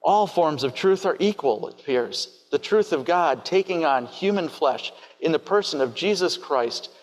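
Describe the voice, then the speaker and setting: A man preaching a sermon in a measured, questioning way. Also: a little high, expressive, long reverb tail.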